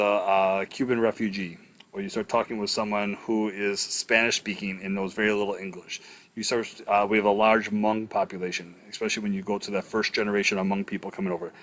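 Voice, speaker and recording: A middle-aged man with a somewhat low voice lectures on EMS communication. He talks casually and drops in plenty of ums and uhs. He tells stories from his work on the ambulance. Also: a bit bright. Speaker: EMS instructor.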